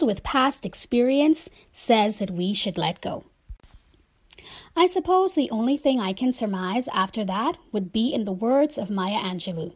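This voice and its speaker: A woman's voice: fairly high pitch, animated, normal speed. Candid wry woman musing on life. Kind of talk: reflective spoken essay.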